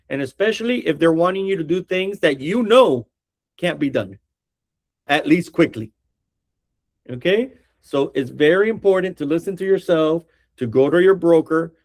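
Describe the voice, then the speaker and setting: A middle-aged man, an attorney, teaching a training class for real estate agents in a direct way, often checking in with the class. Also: high voice.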